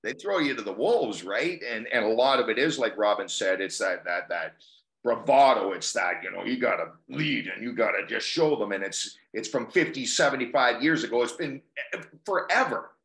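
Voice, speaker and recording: A man co-hosting a casual podcast discussion, talking in a halting, folksy way with repeated words and restarts. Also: mid-range voice, animated, vocal fry, a bit bright.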